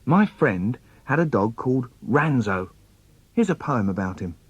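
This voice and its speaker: Man, children's poetry reading, lively swooping pitch, dry dull lo-fi sound. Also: measured pace, slightly rough, no echo. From London. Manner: playful, expressive, swooping delivery. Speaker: children's poet. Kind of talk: storytelling poem recitation for children.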